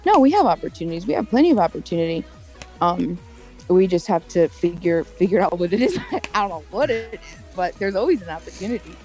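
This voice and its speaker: Sing-song and a little mellow, this streamer's fairly low voice moves at a quick pace as she chats with friends over soft background music. She laughs frequently and recounts conversations at length, voicing the quoted lines.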